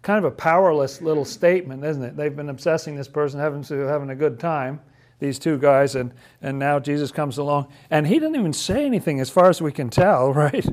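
A man's voice: a little high, brisk, a little mellow. A man leading a casual Bible study, chatty and laughing often, who acts out the figures' lines in playful voices.

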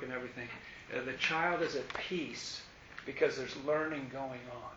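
A man preaching a sermon in an animated, emphatic way, sometimes acting out voices. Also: moderate pace. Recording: roomy, dull audio with faint rumble.

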